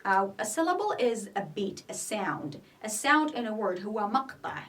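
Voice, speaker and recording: A woman's voice: medium pitch, sing-song, normal speed, a bit bright, recorded from a distance. A woman teaching an English grammar lesson, explaining patiently, repeating each point and checking in with "okay?". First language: not Arabic.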